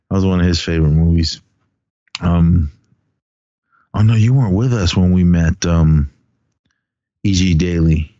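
Deep-voiced man chatting about movies. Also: darkish tone, no echo, highs cut off. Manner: rambling, laughs often, many fillers. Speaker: podcast co-host. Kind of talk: casual movie podcast chat.

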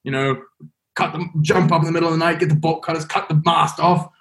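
A man's voice: a little high, fairly even intonation, fast, a bit bright. A young man, a podcast guest, telling a story casually and rambling with many fillers. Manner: rambling, full of "like" and "you know".

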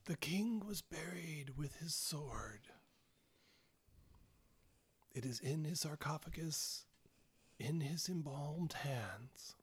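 A man's voice: fairly high pitch, expressive, slow pace, long pauses, slightly rough, full character voice. A man voicing the ghost of an ancient embalmed chamberlain in a ghastly whisper, as whispered role-play. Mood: ghostly solemn.

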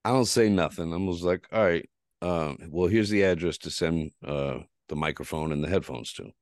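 A man with an extremely low, deep voice tells a story on his podcast, swearing freely and ranting. He acts out the back-and-forth of each conversation. The sound is dry and close to the mic. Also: normal speed, no room sound. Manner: ranting, heavy swearing, quotes himself in dialogue. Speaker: podcast host. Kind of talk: casual profane storytelling.

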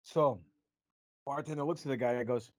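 A man's voice: mid-range voice, normal speed, no room sound. A man hosting a casual podcast, rambling and telling jokes with plenty of fillers. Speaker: podcast host.

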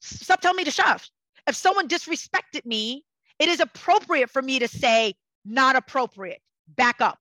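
A woman in a casual conversation, speaking passionately and forcefully about self-worth in a preachy, motivational way. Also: high-pitched, expressive, normal speed, dry recording, poor audio.

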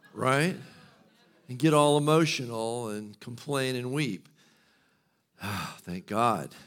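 A middle-aged pastor delivers his sermon casually, with humor and lively storytelling. His voice sits at an ordinary pitch for a man.

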